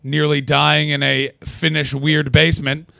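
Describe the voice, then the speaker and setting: A young Canadian man doing live stand-up at a small festival venue, profane and sarcastic, riffing with the crowd and breaking into yelled punchlines. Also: fairly high pitch, level tone, unhurried, creaky, no echo. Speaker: stand-up comedian.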